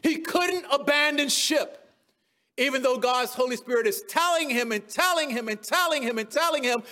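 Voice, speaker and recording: A man with a notably high voice delivers a sermon, walking his listeners through a scripture passage verse by verse. He retells the story in casual, modern words and laughs along at his own humor. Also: fairly quick, bright, forceful tone. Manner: chuckles at his own jokes. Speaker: preacher. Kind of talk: expository sermon.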